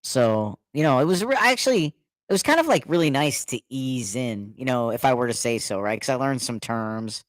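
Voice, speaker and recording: A man spins sea stories in a loose, relaxed chat. He jumps into the voices of the people in his stories and keeps breaking into laughter. The sound is close and dry. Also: medium pitch, normal speed, no echo, low-quality recording. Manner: animated storyteller, acts out quotes, laughs often. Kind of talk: casual storytelling chat.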